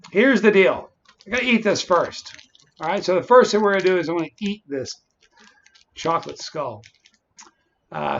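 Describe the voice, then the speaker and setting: Man, a touch high-voiced, chatty stream host, dull lo-fi audio. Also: a bit bright, a little hiss or hum. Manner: chatty, greets viewers by name. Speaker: livestream host. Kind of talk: casual livestream chat.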